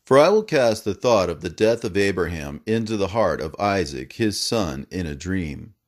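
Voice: a man voicing a divine lord. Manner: measured, authoritative, slowing at the close. Pitch: low. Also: lively intonation. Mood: commanding. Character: male divine voice, the Lord, commanding.

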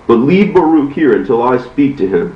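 A man's voice: medium pitch, very animated, moderate pace, close to an everyday voice. Solemn commanding God voice, a man reading it out, roomy distant room sound. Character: the Lord, commanding male divine voice. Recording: distant, roomy, dull recording.

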